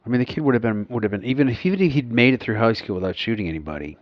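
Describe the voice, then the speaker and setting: A man's voice: medium pitch, expressive, rapid-fire, dry recording, muffled recording. A man in his fifties, a podcast co-host, chatting casually and rambling with many restarts. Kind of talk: casual chat.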